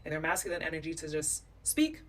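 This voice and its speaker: A woman from the United States telling stories to camera, animated and emphatic. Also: deep voice, fast, distant mic. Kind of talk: storytelling vlog.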